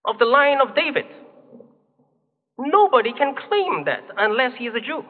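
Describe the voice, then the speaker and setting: Male preacher, high-pitched, deliberate and emphatic, recorded in a hall with long echo. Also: big pitch swings. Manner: measured, emphatic teaching with rhetorical questions. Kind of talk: sermon. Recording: phone-like, long hall reverb.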